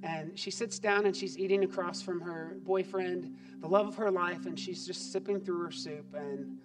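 A male pastor with a high, steady voice preaches a sermon at a moderate pace, telling a story and dropping quiet for emphasis. The mic is distant, with background music behind him.

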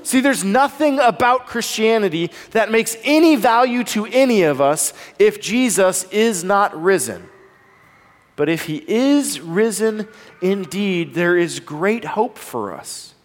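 A man's voice: sits high, animated, slow pace. A man preaching a sermon as pastor, earnest and conversational, often asking his listeners rhetorical questions. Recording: long reverb of a large hall.

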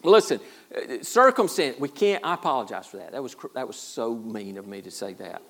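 A man's voice: mid-range voice, sing-song, a little fast, a bit bright. A man preaching a sermon as pastor, in a folksy, self-deprecating way with a lot of repeated words. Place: church.

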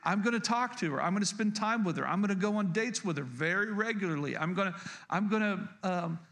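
A man's voice: high-pitched, expressive, fairly quick, fairly bright tone. A man around fifty preaching a sermon as pastor, folksy and joking, talking straight to his congregation and often repeating himself. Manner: folksy, humorous, addresses the congregation directly; repeats and restarts words.

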